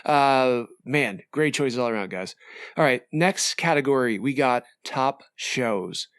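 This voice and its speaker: A young man co-hosting a podcast, chatting casually in an excitable, rambling way full of fillers. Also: medium pitch, slow pace, clear, resonant tone, no room sound, clean studio sound. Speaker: podcast co-host. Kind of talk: casual chat.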